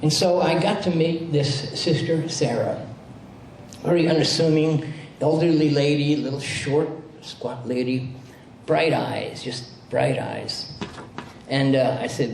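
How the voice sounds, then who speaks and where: A man's voice: on the high side, steady tone, takes it slowly, vocal fry, a little mellow. A male pastor giving a sermon as a conversational story, with frequent restarts and acted quotes. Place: spiritual center hall. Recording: roomy hall with faint noise.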